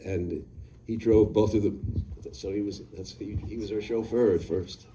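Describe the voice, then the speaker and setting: A film director talking at a live Q&A in a cinema, halting and full of fillers and restarts. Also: male voice, fairly low pitch, steady tone, warm tone, far from the mic, slight background noise, poor audio. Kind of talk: on-stage Q&A.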